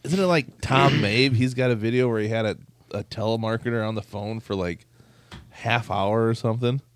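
A man's voice: fairly low pitch, normal speed. A man co-hosting a casual podcast chat, telling stories and laughing often. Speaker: podcast co-host.

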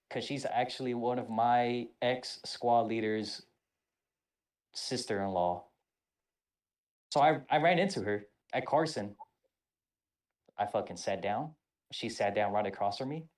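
A man co-hosting a podcast, telling an animated, profane story in casual talk. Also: mid-range voice, a little slow, pauses often. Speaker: podcast co-host.

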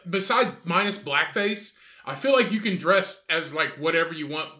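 A man talking bluntly on a podcast and swearing freely, in a very sharp, bright voice. His voice sits a bit high and swings a lot as he talks. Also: expressive, normal speed. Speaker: podcast co-host. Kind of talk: casual chat.

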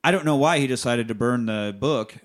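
A man on a relaxed podcast retells a movie scene by scene, swearing freely and keeping it lively. His voice sits in an ordinary middle range. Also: medium pitch, fairly quick. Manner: profane, animated storytelling. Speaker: podcast host. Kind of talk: casual chat.

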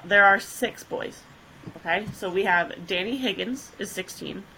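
A woman podcast co-host with a bright, ringing voice tells a case in a relaxed, chatty manner. She laughs easily and pads her story with casual fillers. A faint hiss sits under her remote call recording. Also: medium pitch, a little slow, poor audio. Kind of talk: casual chat, telling a case.

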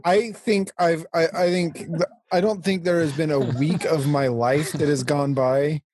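A man's voice: a little high, fairly even intonation, unhurried, darkish tone. A man co-hosting a casual chat, recounting favorite movie moments with enthusiasm. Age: adult. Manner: enthusiastic, breaks into laughter while recounting scenes. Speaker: podcast co-host. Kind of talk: casual chat about a film.

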